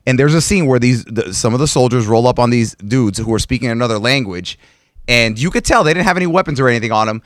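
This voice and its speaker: A man co-hosting a casual movie chat, telling scenes from films at length in an animated, storytelling way. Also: mid-range voice, fast talker, no echo, clean studio sound. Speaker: podcast co-host.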